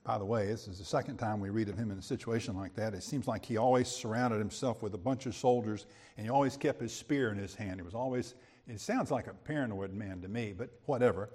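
A man's voice: lowish voice, quick pace, darkish tone, breathy edge, big-room sound. A man teaching a verse-by-verse Bible sermon in a conversational way, with quips and rhetorical questions. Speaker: preacher.

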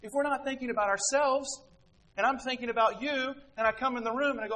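A man's voice: very high voice, steady tone, fast, sharp tone, low-quality recording. A man giving a conversational sermon as a pastor, often asking rhetorical questions.

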